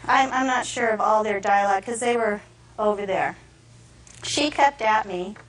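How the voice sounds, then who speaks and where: A woman defendant giving courtroom testimony, retelling events in an animated way and acting out the quotes. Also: mid-range voice, moderate pace. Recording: echoey courtroom from far off.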